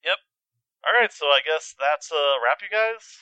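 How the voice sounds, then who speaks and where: A man co-hosting a podcast, relaxed and teasing in casual banter. His voice is very bright and sharp, a little above the usual pitch for a man, and it sounds dry and close on the mic. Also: normal speed, clear, resonant tone, no room sound. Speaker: podcast co-host. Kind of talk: casual chat.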